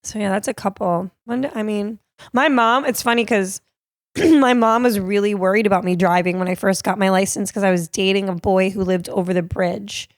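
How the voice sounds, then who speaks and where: A woman's voice: mid-range voice, moderate pace. A woman from Cape Cod hosts her own podcast, spinning casual stories full of swearing and laughter. Her voice sits in the middle range, and the sound is dry and close to the mic with no room echo. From Cape Cod, Massachusetts. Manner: profane, laughing, animated storyteller. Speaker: podcast host and comedian. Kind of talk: casual storytelling.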